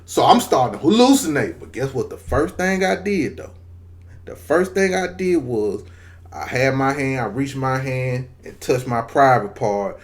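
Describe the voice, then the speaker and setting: A man in his forties casually telling a personal story to camera, profane and lively, acting out the voices of people in it. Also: medium pitch, unhurried. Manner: animated, profane, acts out quoted voices. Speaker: storyteller vlogger.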